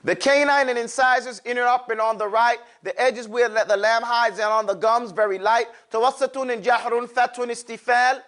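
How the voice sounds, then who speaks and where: Man with a very high voice, classroom teacher, slow modeled sounds, playful asides, call-and-response drills. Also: fairly even intonation, fairly bright tone. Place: classroom with students.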